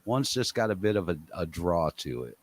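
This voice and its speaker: A man chatting as a guest on a stream, laid-back and drawn-out in his phrasing. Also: deep voice, very animated, no echo. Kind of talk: casual chat.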